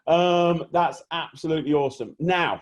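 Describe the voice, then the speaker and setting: A man's voice: fairly high pitch, moderate pace. A man hosting a casual interview, gushing with effusive praise for his guest. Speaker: podcast host.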